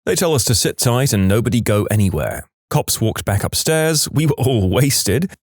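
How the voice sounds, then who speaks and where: A man reading reddit stories aloud in a lively storytelling manner. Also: moderate pace, no room sound, studio quality. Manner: lively storytelling with wide pitch swings. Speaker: story narrator.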